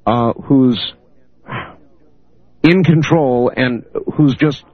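A man hosting a call-in radio show, steady and measured as he takes callers and reads out a phone number. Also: medium pitch, no echo. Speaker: radio host. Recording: dull lo-fi radio broadcast.

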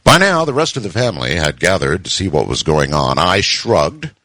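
A man hosting a show, reading a funny story in a playful, animated way. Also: deep voice, moderate pace, no echo. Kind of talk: humorous story reading and news chat.

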